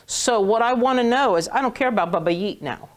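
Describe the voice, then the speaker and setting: With a fairly high, expressive voice, a woman leads a small class through a Hebrew reading lesson. She is patient and playful, drawing out key words whenever she stresses them.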